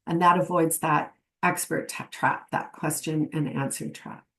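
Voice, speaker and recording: A woman's voice: sits low, steady tone, a little slow. A woman giving an educational webinar lecture, explaining ideas reflectively and acting out short client examples. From Canada. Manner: warm, reflective teaching with quoted client examples. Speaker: webinar presenter.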